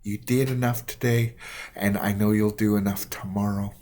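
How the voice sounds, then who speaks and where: A man telling a bedtime story, gentle and tender, with heartfelt good wishes to listeners. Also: fairly low pitch, fairly even intonation, normal speed.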